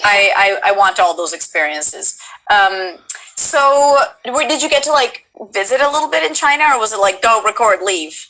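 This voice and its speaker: A woman's voice: mid-range voice, animated, moderate pace, bright, forceful tone, rough recording. A woman hosting a casual interview stream, enthusiastic, reacting to her guest and reading out viewer comments. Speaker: livestream host.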